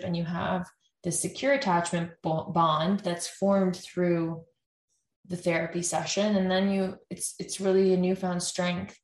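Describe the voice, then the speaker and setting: A woman, a couples therapist, explaining how therapy works and acting out what partners say to each other in quick quoted lines. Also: lowish voice, darkish tone. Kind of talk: explanatory talk. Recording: roomy echo.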